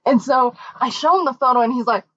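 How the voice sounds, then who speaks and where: A young woman co-hosting a podcast, telling a story casually and acting out the quoted voices with big jumps in pitch. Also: a little fast, a bit bright, dry recording. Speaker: podcast co-host. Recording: dull, dry lo-fi mic.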